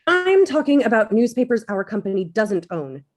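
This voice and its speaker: A woman's voice: a little high, big pitch swings, moderate pace. A woman reading a curt, dismissive corporate lawyer in her fifties in a comedy table read.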